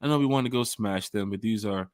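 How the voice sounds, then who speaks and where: A man co-hosting a casual sports fan podcast, hyped and slangy, shouting out viewers in the chat. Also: fairly low pitch, quick pace, dry recording, studio quality. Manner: animated, hype, slangy, reads chat shout-outs. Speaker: podcast co-host.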